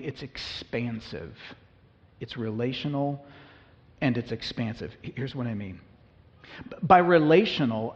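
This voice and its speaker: A male pastor preaching a conversational sermon, acting out biblical dialogue with humor. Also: medium pitch. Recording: reverberant hall, dull lo-fi sound.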